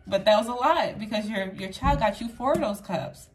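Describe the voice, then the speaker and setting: A woman's voice: medium pitch, normal speed. A woman giving a casual pick-a-card tarot reading, talking straight to the viewer in a rambling, earnest way, filling her sentences with "like.". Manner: rambling, chatty, fills speech with "like"; earnest, affirming, addresses viewer directly. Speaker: tarot reader.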